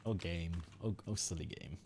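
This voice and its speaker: A man's voice: low voice, normal speed, darkish tone, a little hiss or hum. A man streaming a game, chatting casually in a rambling, chuckly way. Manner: rambling, chuckly, with restarts and mild swearing. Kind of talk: casual gaming stream chat.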